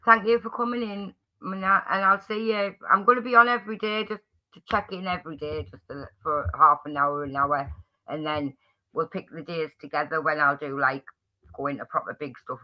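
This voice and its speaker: A friendly man with a Geordie accent chats on a livestream in a fairly high voice, rambling a little and restarting his sentences as he greets his viewers by name. The sound is a bit dull and muffled. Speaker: livestream host.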